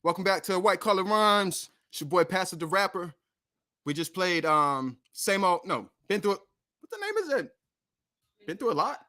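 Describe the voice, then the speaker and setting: A man's voice: sits high, normal speed, bright, forceful tone. A man hosting a casual music livestream, talking in a loose, rambling way with swearing and frequent self-corrections. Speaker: streaming show host and rapper.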